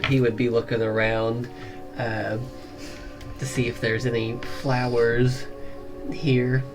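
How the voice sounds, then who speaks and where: A woman's voice: extremely low pitch, level tone, takes it slowly, over music. A woman playing in a tabletop game, hesitant and stammering. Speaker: player. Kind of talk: casual tabletop play.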